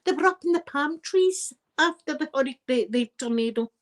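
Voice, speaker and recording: A Scottish woman hosting a casual live stream, chatting to her viewers in a rambling, lively way with plenty of asides. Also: sits high, normal speed, low-quality recording. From Scotland.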